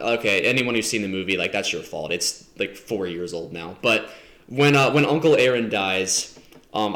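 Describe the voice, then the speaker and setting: A man's voice: mid-range voice, a bit bright. A young man chatting as a podcast guest, telling rambling laid-back stories full of fillers. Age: young adult. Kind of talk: casual chat. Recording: echoey room.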